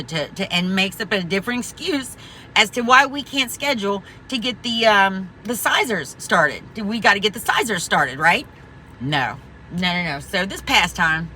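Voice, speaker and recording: A woman's voice: mid-range voice, bright, forceful tone, slight background noise. A woman vlogging an angry, profane rant, emphatic and rambling, full of restarts. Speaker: veteran vlogger.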